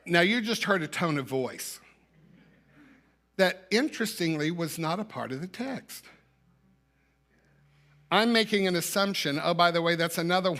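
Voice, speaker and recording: Man, sermon, conversational storytelling, rhetorical questions, bright tone, church. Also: fairly high pitch. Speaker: minister. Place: church sanctuary.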